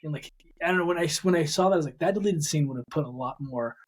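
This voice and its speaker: A podcast co-host chats easily and reads aloud an excerpt from a script in this casual conversation. His voice is a little high, and he talks in a rapid-fire way with an easygoing manner.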